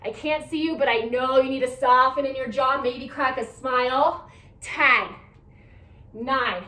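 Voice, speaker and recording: A young woman fitness instructor, high-pitched, bright and forceful, speaks a little slowly in a steady tone. She cues her class and counts down reps with upbeat energy despite being somewhat out of breath. Sound comes from a distant mic in an echoing room.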